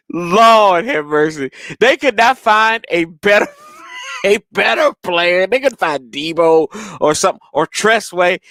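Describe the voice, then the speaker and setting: Animated man hosting a casual stream. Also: sits high, slow pace, no echo, studio quality. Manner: animated, laughs loudly, talks to chat. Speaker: live stream host. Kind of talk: casual live-stream watch party chat.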